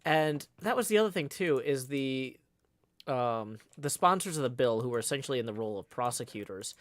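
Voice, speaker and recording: A man hosts a casual livestream from a home room, rambling and irritated, often restarting his sentences. His voice sits at a middle pitch. The recording is dry and close, with no room sound. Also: animated, fairly quick, no room sound. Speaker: livestream host.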